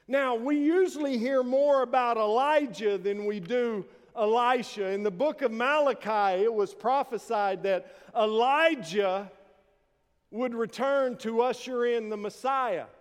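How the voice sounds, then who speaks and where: A man preaching a sermon, reading scripture and telling stories with shouted quoted lines. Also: very high voice. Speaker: pastor. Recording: long reverb of a large hall.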